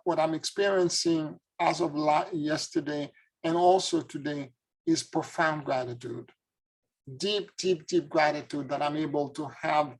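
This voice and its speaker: Husky-voiced earnest spiritual storyteller man. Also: a little high, rough recording. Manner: earnest, reflective, emotional retelling. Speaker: spiritual teacher and former tarot reader.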